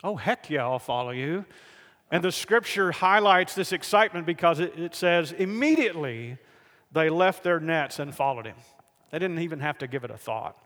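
A man preaching a sermon, telling the stories in a lively way and acting out the people in them. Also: on the high side, moderate pace, in a large hall. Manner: animated storytelling, acts out the figures in the stories.

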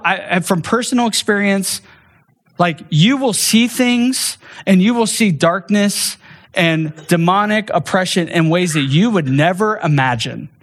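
A man's voice: sits high, fairly bright tone. Conversational male pastor preaching. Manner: conversational, self-correcting, playful asides. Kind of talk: sermon.

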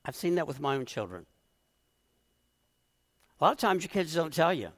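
A man's voice: fairly high pitch, big pitch swings, normal speed, in a large hall. A middle-aged man preaching a sermon as pastor, earnest and emotional, often restarting his words.

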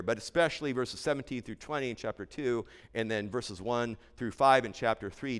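A man's voice: medium pitch, fairly bright tone, clear, resonant tone. A male pastor preaching an expository sermon in a church sanctuary, earnest and emphatic, repeating key phrases for weight. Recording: long church-hall reverb.

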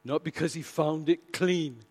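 A preacher speaking as a humble innkeeper who owns only a barn, giving an earnest first-person testimony. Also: male voice, fairly high pitch, unhurried, a little mellow, slightly rough. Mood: hushed.

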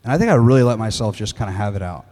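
A man in his thirties gives a sermon in a low, mellow voice. He speaks candidly and haltingly, often restarting his sentences. The sound carries a long reverb from a church sanctuary. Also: animated. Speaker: pastor.

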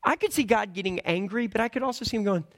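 A man in his thirties delivers a sermon with a high, lifted voice. He tells lively, humorous stories and drops to a hush for his serious points. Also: quick pace. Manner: animated storytelling with humor; swings between loud and hushed. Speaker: preacher.

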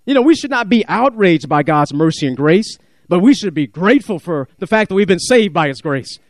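A man preaching a sermon, animated, acting out biblical speakers and asking the congregation questions. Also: a little high, moderate pace, no echo, clean studio sound. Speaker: pastor.

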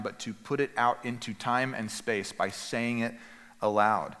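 A man preaching a sermon as pastor, earnest and emphatic, with dramatic pauses and quiet drops. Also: medium pitch, fairly even intonation, in a large hall.

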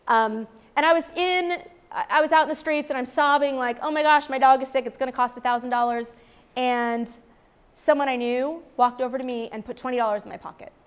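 A woman in her thirties, a street outreach worker, giving an earnest, emphatic faith talk to a live audience and repeating phrases for stress. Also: high-pitched.

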